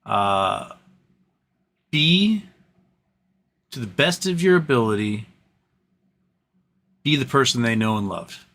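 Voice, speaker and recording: A man's voice: mid-range voice, expressive, slow pace, creaky, pauses often, fairly bright tone. Rambling man hosting a livestream. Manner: rambling and earnest, many restarts, swears casually. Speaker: livestream host reading chat. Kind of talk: casual livestream chat.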